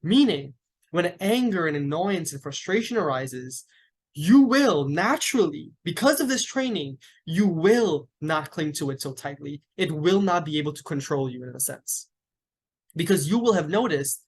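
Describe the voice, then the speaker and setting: Calm man guiding a meditation. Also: a little high, slightly rough. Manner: slow, deliberate, with long pauses. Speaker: meditation teacher. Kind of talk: guided meditation instruction.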